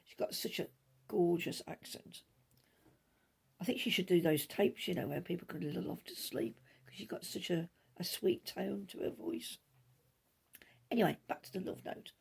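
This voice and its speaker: A middle-aged woman hosting a knitting podcast, chatting casually in a rambling, quick way with many asides, recorded at home on a camera mic. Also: on the low side, creaky, darkish tone, husky. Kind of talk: casual chat.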